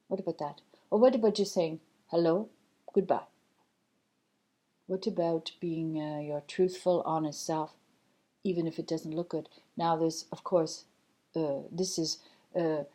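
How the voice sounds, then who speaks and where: A gentle spirit guide speaks through a woman, teaching slowly and patiently with frequent pauses. The voice sits a little low and sounds soft and mellow. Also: natural voice. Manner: slow, measured, gently instructive, many pauses. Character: collective loving spirit guide, calm and teaching. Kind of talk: channeled spiritual message.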